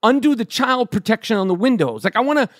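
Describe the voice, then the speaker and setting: A man in his fifties hosting a podcast, ranting loudly with lots of swearing in casual chat. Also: extremely high pitch, animated, fast talker. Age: 50s. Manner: loud, profane and ranting. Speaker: podcast host.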